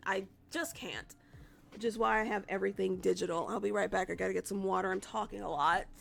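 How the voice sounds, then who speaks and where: Gravelly-voiced woman streamer telling a story. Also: medium pitch, steady tone, fairly quick, faint music behind. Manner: chatty, profane, rambling with restarts. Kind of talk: casual storytelling to a live stream chat.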